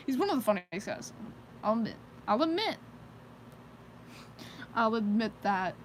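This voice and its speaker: A woman's voice: a little high, slight background noise, low-quality recording. A teenage girl chatting casually on a live stream, rambling with many fillers and frequent giggles. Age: teens. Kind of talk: casual chat.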